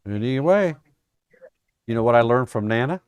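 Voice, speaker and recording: A man's voice: mid-range voice, animated, moderate pace, darkish tone, clean tone, no room sound, dull audio. A man hosting a casual trading stream, joking and teasing his viewers. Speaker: trading coach host. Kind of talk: casual live-stream chat.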